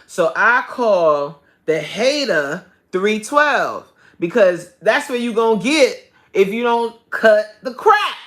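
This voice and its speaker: A woman fitness coach chatting casually on a live stream, animated and loud, laughing often and swearing freely. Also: mid-range voice, slow pace.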